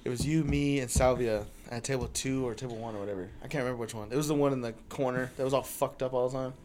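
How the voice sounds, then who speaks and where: A man's voice: medium pitch, fast talker, a little hiss or hum. A young man in a casual podcast chat, telling stories about friends and imitating what they said. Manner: animated storytelling, mimics friends. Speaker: podcast co-host.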